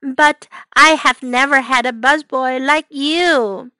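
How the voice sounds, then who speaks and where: A woman voicing a jolly old male walrus king with a hearty, booming laugh. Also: takes it slowly, sharp tone, smooth, dry recording, heavily acted.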